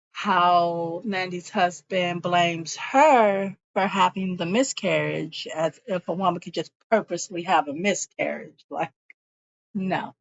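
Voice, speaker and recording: A woman giving a chatty, slangy, casual recap of a TV episode. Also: fairly low pitch. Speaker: show recapper. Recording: dull lo-fi recording.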